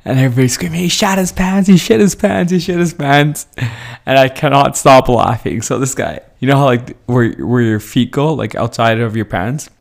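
Gravelly young man telling stories. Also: mid-range voice. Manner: laughs often while telling stories. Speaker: podcast host. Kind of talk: casual storytelling.

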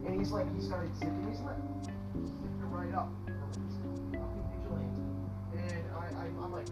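A person telling a personal story in a casual, animated way, swearing often and rambling with restarts. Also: medium pitch, normal speed. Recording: far from mic, faint guitar music.

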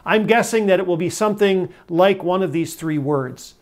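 A man preaching a sermon as a pastor, earnest and measured, slowing down for emphatic scripture quotes. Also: sits high.

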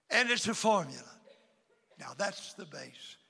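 An older man preaches a sermon in a big church auditorium, his voice high and piercingly bright. He jumps from loud, emphatic declarations to quiet, confiding asides. The sound carries a long reverb from the hall. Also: big pitch swings, a little slow, vocal fry, breathy edge. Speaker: pastor.

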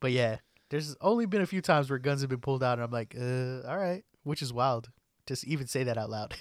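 A man's voice: medium pitch, quick pace, no room sound, studio quality. Slangy young man. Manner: slangy, profane, animated. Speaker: podcast host. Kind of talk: casual storytelling chat.

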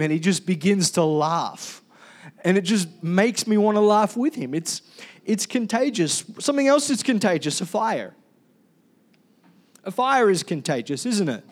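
High-voiced pastor preaching. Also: male voice. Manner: animated, calls for congregation responses. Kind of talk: sermon.

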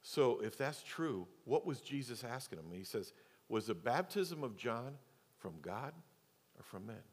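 A male pastor preaching a sermon, moving between loud, emphatic stretches and quiet, low asides. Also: big pitch swings, measured pace, slightly rough. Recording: long church reverb.

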